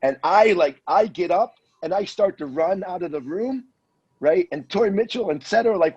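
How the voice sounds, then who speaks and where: A man in his fifties telling a wild anecdote in a casual, animated way, acting out the voices of the people in it. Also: high voice, moderate pace, breathy edge. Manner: animated storyteller, acts out voices. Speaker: guest storyteller. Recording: dull lo-fi audio.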